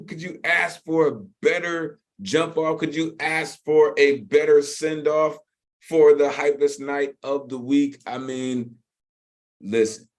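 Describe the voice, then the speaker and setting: Excitable man hosting an online open mic. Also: medium pitch. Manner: excitable, repeats himself, laughs often. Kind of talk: enthusiastic hosting. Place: home, online video call. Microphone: video call.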